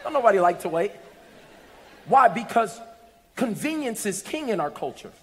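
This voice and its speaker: A man preaching a sermon in a church, animated and humorous, pulling the congregation in with questions. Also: high-pitched, normal speed, slight background noise. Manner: animated, humorous, call-and-response. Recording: echoey hall.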